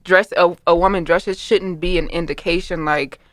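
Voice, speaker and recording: A young woman co-hosting a casual chat, measured and agreeable, reasoning things through and reading out listener questions. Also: on the low side, steady tone, dry recording, studio quality.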